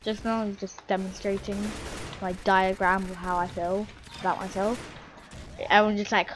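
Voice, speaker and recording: A woman's voice: medium pitch, flat delivery, normal speed, slight background noise. A woman giving casual gameplay commentary, rambling and teasing opponents while mocking her own play. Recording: recorded over loud gunfire game sounds. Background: game gunfire and sound effects.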